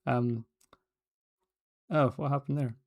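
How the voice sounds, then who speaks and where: A man's voice: medium pitch, fairly even intonation, takes it slowly, darkish tone, dry recording. A young man with a light Scottish accent, chatting casually on a livestream, rambling and restarting his sentences as he talks. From Scotland. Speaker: artist livestreaming.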